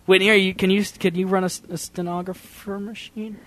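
A young man co-hosting a podcast, joking and bantering excitably in casual chat. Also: high-pitched, brisk. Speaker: podcast co-host.

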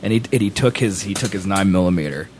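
A man's voice: low-pitched, fast talker, a little hiss or hum. A young man co-hosting a podcast, chatting casually with rambling jokes. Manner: joking, rambling, animated. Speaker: podcast co-host. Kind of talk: casual chat.

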